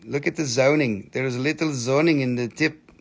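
A man hosts a live crystal sale in a gravelly, creaky voice. He talks in a chatty, excitable way with crude jokes and non-native phrasing. His pitch sits in the middle for a man. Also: fairly quick. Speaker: live-stream crystal seller. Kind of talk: casual live sales chat.

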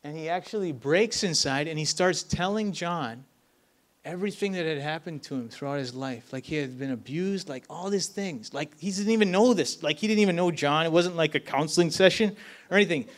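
A man's voice: on the high side, a little fast. A man preaching casually at a church event, telling a story with many fillers and checking in with the crowd. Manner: casual, filler-heavy with lots of "like" and "right?". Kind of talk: storytelling sermon.

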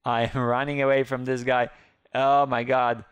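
A man giving excited, playful game commentary who squeals up high whenever he panics. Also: moderate pace, smooth, dry recording. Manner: squeals high when panicked, playful kid-friendly banter. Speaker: gaming YouTuber.

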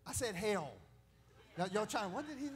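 Male pastor, high pitch, storytelling sermon that climbs to shouted emphasis. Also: animated, moderate pace. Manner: storytelling with laughs, rising to loud preaching.

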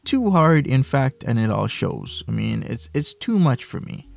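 A man's voice: medium pitch, very animated, unhurried, vocal fry, darkish tone, soft background music. A man hosting a reaction commentary video, mocking and full of rhetorical questions. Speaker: commentary YouTuber.

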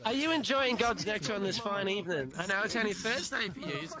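A man's voice: high-pitched, expressive, fast, a crowd in the background. An Australian man in his forties, drinking and chatting crudely with heavy swearing in a casual online hangout. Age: 40s. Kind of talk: casual chat in a virtual-reality hangout.

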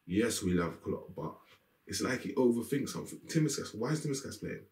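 A man's voice: fairly low pitch, lively intonation, a little fast, darkish tone, roomy sound, distant mic. A man giving a blunt, exasperated post-match rant about his team, swearing as he goes. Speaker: football fan reacting to a match. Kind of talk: ranting post-match reaction. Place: room with green screen.

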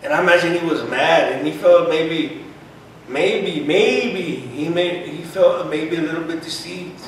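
A man preaching a sermon with fervor, at times breaking into shouts and dropping in Spanish words. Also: fairly high pitch, a little slow, slight background noise. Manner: fervent, rising to shouts, mixes in Spanish words. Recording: echoey room, voice far from the mic.

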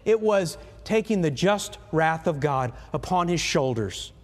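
A man preaching a sermon as pastor, animated and asking the congregation questions. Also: a little high, a little slow. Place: church sanctuary. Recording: long reverb of a church hall.

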